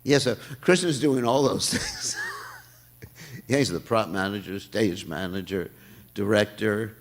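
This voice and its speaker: An older man giving a morning temple class, talking in an animated way and laughing often. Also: on the low side, measured pace. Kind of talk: sermon. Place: temple hall.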